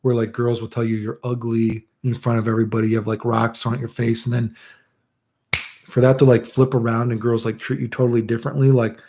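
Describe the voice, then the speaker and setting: A man's voice: mid-range voice, level tone, brisk, mellow. A young man chatting casually as a streamer answering chat, crude and rambling, swearing a lot.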